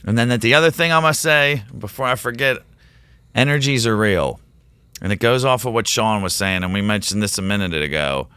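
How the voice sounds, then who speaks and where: A man who teaches, telling a rambling, excitable story as a podcast guest. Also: on the low side, fast, hardly any pauses, smooth, no room sound. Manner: rambling, excitable, quotes himself in animated voices. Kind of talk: casual storytelling in a podcast interview.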